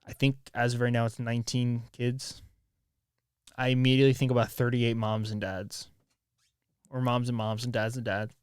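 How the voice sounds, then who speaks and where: A man's voice: mid-range voice, flat delivery, moderate pace, clear, resonant tone, no echo, clean studio sound. A man in his twenties hosting a solo podcast, speaking candidly in a rambling, raw way with frequent restarts and swearing. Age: 20s. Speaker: podcast host.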